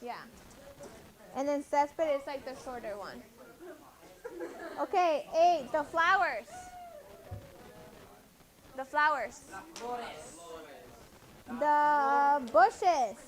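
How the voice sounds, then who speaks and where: Woman, classroom teacher, slow patient drilling, high voice. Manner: patient, drills words and corrects pronunciation. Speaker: Spanish teacher. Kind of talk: classroom vocabulary lesson.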